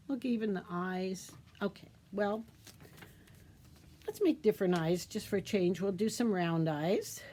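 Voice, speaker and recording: Slow, gentle children's librarian woman. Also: medium pitch, vocal fry. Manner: gentle, slow, sing-song teacherly prompting. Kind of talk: storytime craft demonstration for kids.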